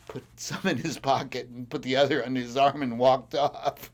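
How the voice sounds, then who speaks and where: A man's voice: medium pitch, moderate pace, hardly any pauses. A man with a mid-range voice tells his stories in an oral history interview. He acts out the voices of the people in them and chuckles often as he goes. He is recorded on a recorder sitting on a desk. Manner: animated storyteller who acts out quoted voices; chuckles often while telling. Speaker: farmer interviewee.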